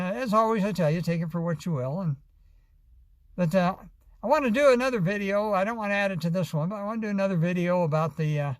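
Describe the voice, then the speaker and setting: A man's voice: sits high, a little mellow, dry recording. A man from Arizona, telling a long, rambling story with many fillers and restarts in a casual vlog. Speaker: vlogger.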